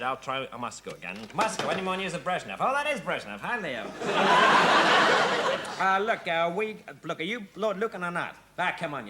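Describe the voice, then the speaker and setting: A man playing a brash newspaper editor, barking rapid-fire into several phones in a sketch. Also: a little high. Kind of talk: fast sketch comedy on phones. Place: TV studio with live audience. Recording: studio audience laughing, noisy 1970s TV audio.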